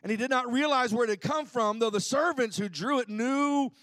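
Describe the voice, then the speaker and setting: A man, a pastor, preaching a sermon with humorous, animated storytelling and frequent laughs. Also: very high-pitched, brisk, dry recording.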